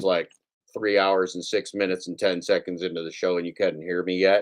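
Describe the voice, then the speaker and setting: A man's voice: low-pitched, a little hiss or hum. A man hosting his own livestream, rambling casually with frequent swearing and self-mocking repeats. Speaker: livestream host. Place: home setup with computer.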